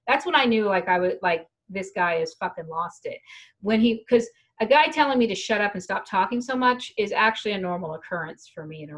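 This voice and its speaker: A woman's voice: mid-range voice, a bit bright. A young adult woman telling a long, frank, rambling story in casual chat, laughing now and then. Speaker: guest storyteller.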